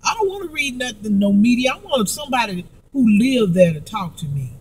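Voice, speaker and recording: A woman's voice: on the high side, big pitch swings, fairly quick, slightly rough, distant mic. A woman vlogger in a profane, angry monologue, repeating herself and stumbling through restarts. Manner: profane, emphatic, repetitive, with heavy stammered restarts.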